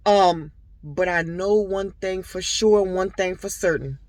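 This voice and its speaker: A woman's voice: fairly low pitch, slow pace, darkish tone, dry recording. A young adult woman talking straight to her viewers in a casual vlog, telling stories in an earnest, rambling way full of fillers. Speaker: vlogger and boutique owner. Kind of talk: casual personal vlog talk.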